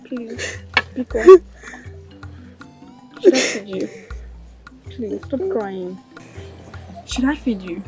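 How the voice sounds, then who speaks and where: An actress playing a kind young woman who comforts a crying friend, with a Nigerian accent, gentle and coaxing. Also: a little high, animated, very slow, long pauses, over music, exaggerated voice. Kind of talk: Nollywood film acting.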